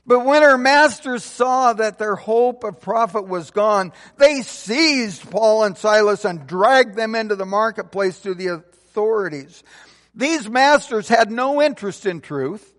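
A man preaching a sermon as a pastor, earnestly building to emphatic peaks and dropping to soft, low phrase endings. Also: expressive, a little slow, big-room sound.

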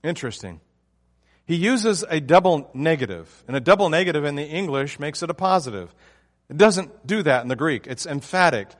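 A man's voice: on the high side, animated, normal speed, long reverb tail. A man preaching a sermon, emphatic and often restarting his phrases. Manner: emphatic, with frequent restarts and fillers.

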